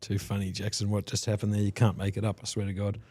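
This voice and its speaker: A man, fairly low in pitch, gives jokey play-by-play on a live poker stream. He sounds close and dry, with no room around him. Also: monotone, quick pace, warm tone, no room sound. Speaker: poker commentator. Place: commentary booth.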